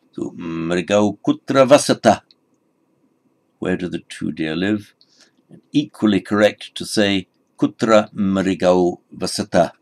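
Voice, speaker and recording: A man teaching a Sanskrit lesson, explaining patiently and correcting himself as he goes. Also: low voice. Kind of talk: recorded language lesson.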